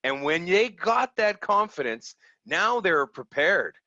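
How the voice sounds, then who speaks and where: A man, a small business owner from Canada, telling stories in a casual, animated way and acting out the people he quotes. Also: sits high, takes it slowly, dry recording, lo-fi sound. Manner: animated, acts out quoted people, laughs easily. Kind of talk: casual storytelling over video call.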